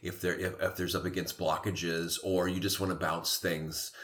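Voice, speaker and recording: A man hosts a podcast conversation in a very low, deep voice. He thinks aloud at length. He often restarts his sentences as he gropes toward a point. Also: level tone, normal speed, fairly bright tone. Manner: meandering, reflective, with many restarts.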